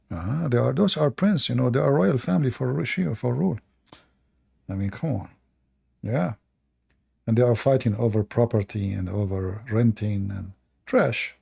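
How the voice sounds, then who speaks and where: Man from the middle east, gravelly, dark mellow tone, blunt rambling commentary. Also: mid-range voice. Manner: rambling, blunt and crude, with many fillers and restarts. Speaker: host. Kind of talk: casual commentary.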